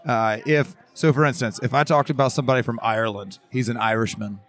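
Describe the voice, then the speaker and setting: A male guest on a comedy podcast who talks quickly and rambles through his jokes. His pitch is middling for a man. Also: steady tone. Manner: rambling, joking. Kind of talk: casual comedy podcast chat.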